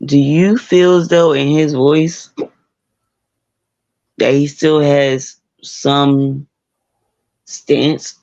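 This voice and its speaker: A woman's voice: deep voice, fairly even intonation, very slow, creaky, pauses often, darkish tone, muffled recording. A woman hosting a casual call-in commentary stream, talking with the hiccups and frequent restarts. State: has the hiccups. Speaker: livestream commentary host.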